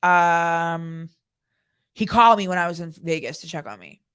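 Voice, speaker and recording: A podcast co-host tells a story in casual chat, her lowish, smooth, slightly bright voice moving at a normal speed. She fills her speech with lots of "like."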